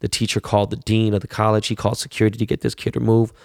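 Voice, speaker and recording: A man's voice: lowish voice, monotone, rapid-fire, creaky, darkish tone, no room sound, studio quality. A middle-aged man ranting casually and bluntly, swearing heavily and repeating words when he gets worked up. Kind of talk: profane casual rant.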